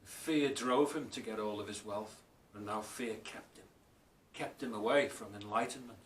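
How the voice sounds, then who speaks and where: A man giving a spiritual talk as author and speaker, telling stories in a reflective way and slowing down for emphasis. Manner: storytelling, reflective, often slows for emphasis. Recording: roomy, distant mic, faint rumble.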